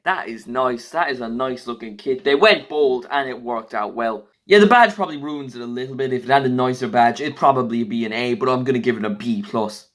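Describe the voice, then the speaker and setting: A man giving blunt, jokey, quick verdicts in a casual vlog, reviewing football kits. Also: medium pitch, a bit bright. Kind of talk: casual opinionated vlog commentary.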